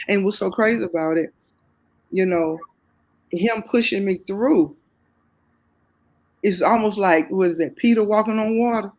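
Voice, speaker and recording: A woman's voice: mid-range voice, moderate pace, pauses often, darkish tone. Woman, Southern US accent, heartfelt, faith-filled, repeats phrases for emphasis, candid testimony. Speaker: guest.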